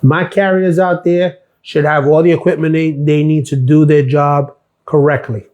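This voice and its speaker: A man's voice: on the high side, flat delivery, moderate pace, a little mellow. A middle-aged man hosting a live stream, ranting bluntly and sarcastically about his workplace and swearing freely. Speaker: live stream host, former mail carrier.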